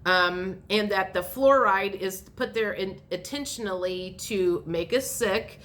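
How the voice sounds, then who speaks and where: A woman's voice: mid-range voice, measured pace, a bit bright. A woman telling a rambling story in a casual vlog, with many fillers and restarts. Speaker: vlogger.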